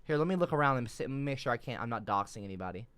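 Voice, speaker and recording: Racing and expressive, this man's mid-range voice carries sarcastic, rambling livestream commentary full of curses. He trails off mid-sentence and swings from mumbling to loud outbursts. The tone is clean and the recording dry.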